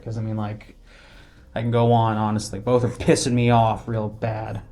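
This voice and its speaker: A man's voice: on the low side, monotone, moderate pace, mellow, lightly acted. A man playing an upset male office worker in therapy in an improvised comedy sketch, rambling and grumbling with lots of fillers. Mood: aggrieved.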